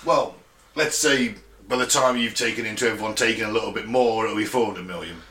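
A man's voice: fairly low pitch, fairly quick, sharp tone. A British man co-hosting a casual podcast, joking and swearing as he reads out listener towns and tells a story. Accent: British English. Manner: sweary, joking, laughs often. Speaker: podcast co-host. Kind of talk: casual banter, reading listener locations. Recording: roomy echo.

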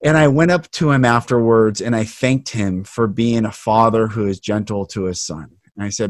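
A man's voice: on the low side, moderate pace, hardly any pauses, no echo, studio quality. A man hosting an interview podcast, talking in an earnest, emotional, heartfelt way. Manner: earnest, emotional, speaks passionately. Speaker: podcast host.

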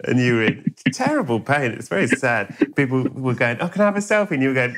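A man's voice: medium pitch, animated, fast, hardly any pauses, fairly bright tone. A man, hosting a podcast and telling a playful, absurd comic story to his guest. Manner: playful, spins absurd tales with quoted voices. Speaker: podcast host. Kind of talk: comic storytelling in a casual interview.

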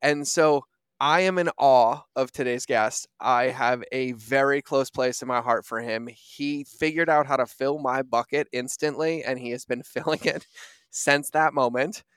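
Male host, mid-pitched and smooth, gushing and chatty, loose with fillers. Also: unhurried, a bit bright, no room sound, clean studio sound. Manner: effusive, gushing praise with fillers. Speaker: podcast host. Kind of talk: casual conversation.

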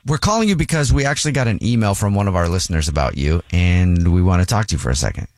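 A man's voice: low-pitched, lively intonation, quick pace, a little mellow. A man hosting a radio show phone segment, friendly and laughing easily. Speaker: radio host.

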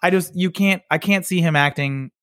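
Excitable young man podcaster, filler-heavy. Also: sits high, normal speed, no room sound, clean studio sound. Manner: loose, excitable, lots of "like" fillers. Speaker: podcast co-host. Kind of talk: casual chat.

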